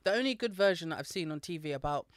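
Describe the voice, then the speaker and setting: A man co-hosting a casual podcast chat, telling stories with lively acted-out quotes. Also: on the high side, very fast, smooth, dry recording. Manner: animated storyteller, acts out quotes. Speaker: podcast co-host.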